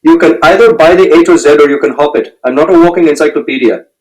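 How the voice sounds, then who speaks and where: A man's voice: a little high, quick pace, natural voice, rough recording. An impatient shopkeeper snaps out short, sarcastic answers, as a man reading the story puts him on. He sounds a little off-mic, and his delivery is clipped. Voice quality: curt, sarcastic. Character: gruff male London shopkeeper, impatient.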